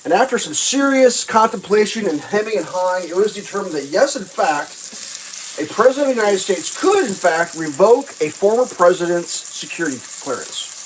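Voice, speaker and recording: A woman hosting a casual livestream, ranting sarcastically and swearing while she cooks, jumping into high mocking voices. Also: big pitch swings, normal speed, slight background noise, rough recording. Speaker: livestream host. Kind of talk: casual political rant while cooking.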